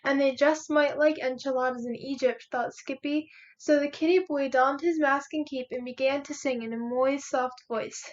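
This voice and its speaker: A teenage girl reads a children's picture book aloud with a lively, rhythmic lilt. Her voice is high, and the home recording sounds muffled and lo-fi. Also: moderate pace, few pauses. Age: late teens. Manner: lively, rhythmic rhyming delivery. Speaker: volunteer reader. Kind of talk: children's storybook read-aloud.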